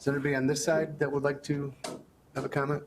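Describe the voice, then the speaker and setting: A man moderating a public village meeting, calmly inviting residents up to comment and answering their questions. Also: a little high, fast, noisy background. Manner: calm, plain, inviting speakers up.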